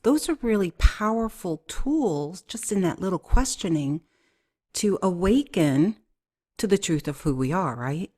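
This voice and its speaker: A woman hosts an interview in an affirming tone, reflecting thoughtfully on her guest's words. Her voice sits somewhat low for a woman. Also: animated, unhurried, mellow. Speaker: host. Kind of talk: interview conversation.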